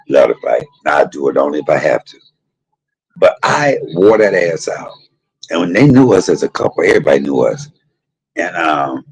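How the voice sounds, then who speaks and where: A man hosting his own show, telling a personal story in an animated, profane way and talking straight to his listeners. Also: low-pitched, husky, poor audio. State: emotional, tearful at times. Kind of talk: candid storytelling monologue.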